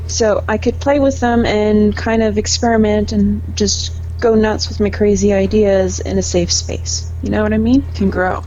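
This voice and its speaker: A woman's voice: medium pitch, a little mellow, muffled recording, slight background noise. A woman photographer and artist talking in a casual podcast chat, candid and laughing often, with some casual swearing.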